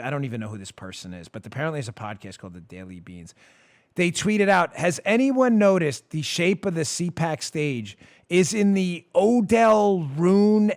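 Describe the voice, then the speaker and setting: A man hosting a political talk show, sarcastic and exasperated, ranting and mocking as he goes. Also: fairly high pitch. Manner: ranting, getting louder. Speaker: podcast host. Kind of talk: political commentary.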